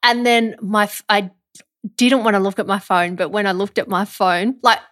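A woman's voice: mid-range voice, normal speed. Woman telling a story. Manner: animated storyteller, many fillers. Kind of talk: casual storytelling.

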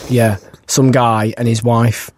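A man, co-hosting a podcast and telling stories in an excitable, chatty way with frequent laughs. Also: medium pitch, slow, no echo. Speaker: podcast co-host. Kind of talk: casual chat.

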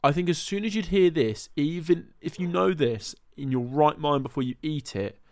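A man in casual podcast chat, telling a story in an animated way with many fillers. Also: on the high side, normal speed.

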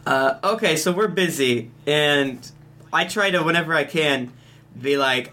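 A man's voice: on the high side, unhurried, pushed and bright. A man rambling and joking as a player in a casual tabletop game.

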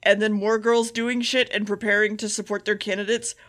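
A woman's voice: mid-range voice, flat delivery, fairly quick, fairly bright tone. A woman co-hosting a podcast, recapping an anime in a sarcastic, casual way and swearing freely. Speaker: podcast co-host.

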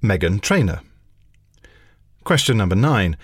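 Husky-voiced man reading a pub quiz. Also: lowish voice, big pitch swings, a little slow, dry recording. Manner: dry, playful banter. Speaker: podcast co-host, quizmaster. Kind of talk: casual chat and reading quiz questions.

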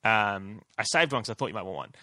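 Lively rambling man. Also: fairly low pitch, fast, no room sound, studio quality. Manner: rambling storyteller, lively, swears freely. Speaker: podcast co-host. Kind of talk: casual comedy podcast chat.

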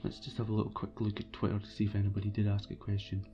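Male streamer, opinionated casual rant, relaxed dark tone, dull recording. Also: on the low side, rapid-fire, faint music behind. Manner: opinionated and blunt, with frequent restarts. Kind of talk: casual ranting monologue.

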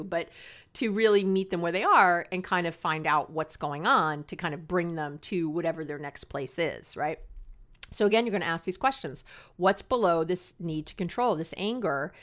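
Earnest, chatty middle-aged woman counselor. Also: fairly low pitch. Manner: chatty, earnest and passionate, laughs at herself. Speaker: counselor and podcast host. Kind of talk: casual advice podcast monologue.

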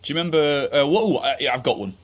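A man's voice: medium pitch, fast, a little hiss or hum. A man co-hosting a casual comedic podcast, teasing and telling rambling stories. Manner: jokey, teasing, rambling storyteller. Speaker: podcast co-host.

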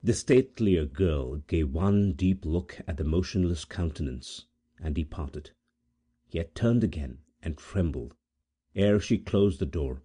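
A man reading a gothic tale aloud as an audiobook narrator, in a measured, solemn manner with dramatic pauses. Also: sits low, lively intonation, mellow, husky. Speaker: volunteer audiobook reader.

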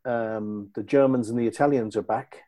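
Irish guy on a podcast call, warm low tone, dry sarcastic humor. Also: steady tone, moderate pace. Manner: dry, sardonic. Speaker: podcast guest. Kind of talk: casual chat over a video call.

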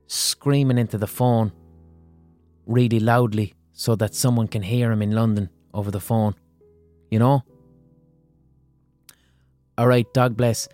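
Chatty, swearing Irish podcast host. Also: male voice, mid-range voice, a little mellow. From Ireland, Limerick. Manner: chatty and profane, with restarts. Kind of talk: solo podcast monologue.

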